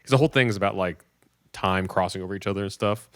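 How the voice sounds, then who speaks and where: A man in his thirties, co-hosting a casual podcast chat, retelling movie scenes with lively acted-out voices. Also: fast talker, dry recording, studio quality. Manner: animated storyteller, acts out movie scenes in loud high voices. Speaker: podcast co-host.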